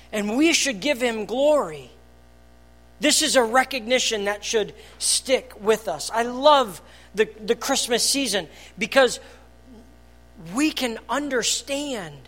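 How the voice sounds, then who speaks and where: An earnest pastor preaches in a church, moving between hushed, almost murmured phrases and loud, emphatic bursts. The voice sits at a middle pitch and builds steadily toward each point. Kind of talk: sermon. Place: church hall.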